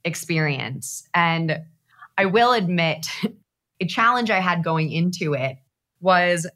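A woman guest on a podcast, telling a personal story in a casual, animated way and acting out her own past thoughts. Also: fairly low pitch, takes it slowly.

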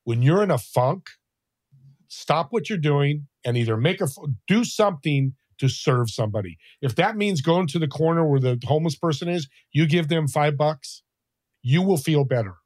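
A man's voice: fairly high pitch, normal speed, no echo, clean studio sound. A man speaking as a podcast guest, telling faith-based stories and acting out the people in them. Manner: animated, acts out quoted people in his stories; faith-based, talks of the Holy Spirit. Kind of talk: conversational interview storytelling.

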